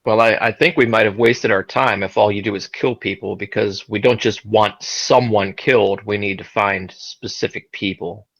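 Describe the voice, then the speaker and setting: A man plays a tabletop game, reasoning a bit hesitantly. His voice sits fairly low. The recording is dull and lo-fi. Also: steady tone, normal speed, hardly any pauses, a bit bright. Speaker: player.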